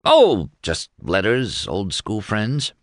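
A man's voice: fairly low pitch, wildly swooping pitch, slow pace, no echo, studio quality, exaggerated voice. A man voicing a pompous, overly cordial young male lawyer with stiff, formal, senatorial speech in an audiobook reading.

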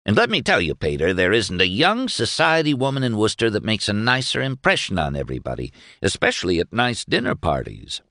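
A man's voice: on the low side, wildly swooping pitch, brisk, few pauses, bright, forceful tone, dry recording, studio quality, heavily acted. A man voicing a pompous, overly cordial young male lawyer with stiff, formal, senatorial speech in an audiobook reading.

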